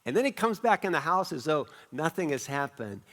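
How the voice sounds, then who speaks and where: A male pastor preaching a sermon in a church, with strong swings in pitch and volume and phrases repeated for emphasis. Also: sing-song, a little fast, fairly bright tone.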